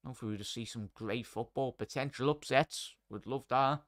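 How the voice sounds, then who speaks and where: A man's voice: mid-range voice, a little fast, fairly bright tone. Chatty man commentating live football. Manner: chatty, addresses chat and viewers by name. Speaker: watchalong host.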